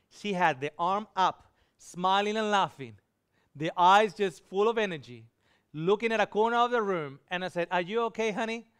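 High, smooth-voiced man preaching testimony. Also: a bit bright. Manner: emotional storytelling, voicing quoted dialogue. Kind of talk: sermon testimony.

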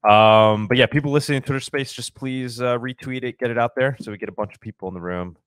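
A man's voice: mid-range voice, fast talker, fairly bright tone, smooth, dry recording. A man hosting a casual livestream, jovial and upbeat, thanking his guest and urging listeners to share the stream. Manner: jovial and upbeat, calls people buddy. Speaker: show host.

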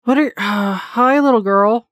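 A woman's voice: a little high, measured pace, no room sound, clean studio sound. A woman giving live commentary on a horror game she is playing, chatty and self-mocking, with jumpy exclamations and a running stream of thoughts. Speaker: gaming channel host.

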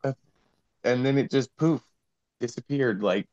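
A man's voice: mid-range voice, a little slow, darkish tone, dull audio. A young man telling a story in a casual, rambling way full of fillers, heard over a video call. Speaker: panel guest.

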